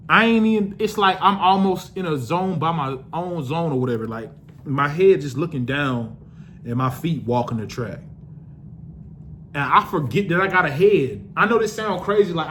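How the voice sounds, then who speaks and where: A man's voice: a little high, a bit bright, a little hiss or hum. A young man casually telling a personal story to the camera, loose and profane, with lots of restarts.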